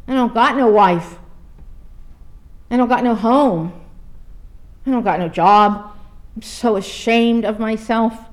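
Woman voicing a drunk laborer, loud, gruff, bellowing, lively swings in pitch. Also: unhurried, hardly any pauses. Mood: despairing. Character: big drunk male laborer, angry then broken.

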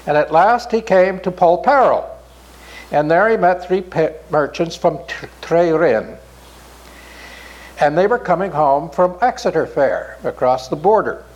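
Guy telling an old folk tale, slow, pitch all over the place, a bit high. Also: highs cut off. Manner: unhurried, expressive, with chuckles. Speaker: storyteller.

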